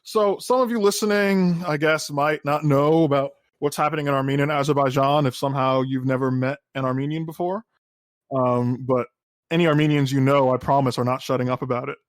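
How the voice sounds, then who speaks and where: A man's voice: medium pitch, fairly even intonation, fairly quick, no echo, studio quality. A man co-hosting a political podcast, talking in a casual, rambling way full of fillers and profanity. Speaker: podcast co-host.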